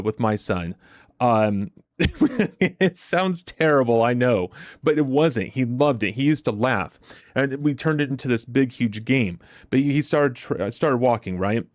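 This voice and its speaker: A man's voice: mid-range voice, no echo. Male streamer host, casual and chatty, with a lot of restarts. Dry, close sound. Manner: chatty, repeats words and restarts often; animated storyteller. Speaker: trading live-stream host. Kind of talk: casual live-stream commentary.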